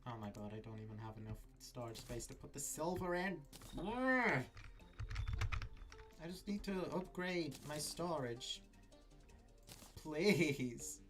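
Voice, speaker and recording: Nervy guy talking himself through a boss fight on stream, slow drawn-out talk, game music going loud behind him. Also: fairly high pitch. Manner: excitable, nervous self-talk. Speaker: live streamer. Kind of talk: live gameplay commentary.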